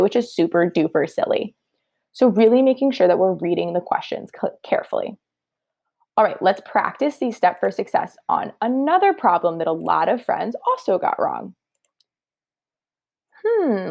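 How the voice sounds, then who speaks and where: A woman's voice: mid-range voice, gravelly, a little mellow. A woman teacher giving a third-grade math review lesson, upbeat and encouraging, talking through each step aloud.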